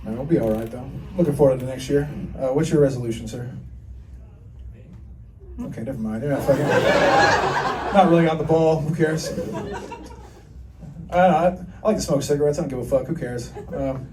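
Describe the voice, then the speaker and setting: This comic, a man in his thirties, riffs with a laughing comedy club audience through a crude set full of self-deprecation. His medium-pitched voice is brisk and pauses often. Background noise fills the roomy, far-off live club sound.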